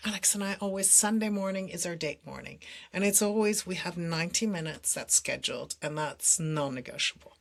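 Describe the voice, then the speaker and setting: A woman's voice: fairly low pitch, a little fast, creaky, few pauses. A woman who is a podcast guest and somatic coach, telling personal stories candidly and acting out her own dialogue with laughs between phrases.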